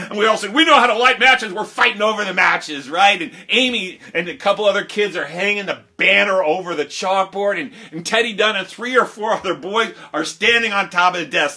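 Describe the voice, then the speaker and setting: A man telling a story with big swings from loud to hushed. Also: high-pitched, husky. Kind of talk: animated storytelling. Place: home, live stream.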